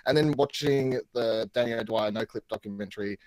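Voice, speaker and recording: A man talking as a guest on a casual panel chat, rambling and thinking out loud as he goes. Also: medium pitch, brisk, dry recording, rough recording.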